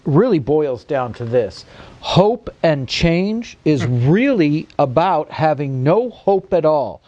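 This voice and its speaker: A man's voice: on the high side, mellow, dry recording. A man speaking as a guest on a political panel, earnest and repetitive. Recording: dull, lo-fi audio.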